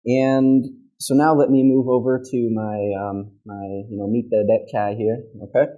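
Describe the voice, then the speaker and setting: A male pronunciation teacher with a Midwestern American accent, speaking unhurriedly in a warm, mellow voice. He models each sound clearly and patiently keeps checking in with his students. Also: medium pitch, flat delivery, a little slow, muffled recording. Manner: patient, checks in with "okay?" constantly; demonstrates sounds by modeling words aloud. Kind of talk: classroom lesson.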